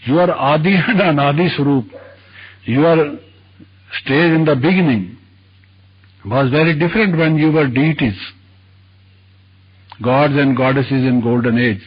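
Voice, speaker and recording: Older man with a husky voice giving a spiritual lecture. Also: fairly high pitch, highs cut off. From Punjab region of British India. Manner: measured and explanatory, repeats phrases and keeps adding "you see". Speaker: spiritual teacher.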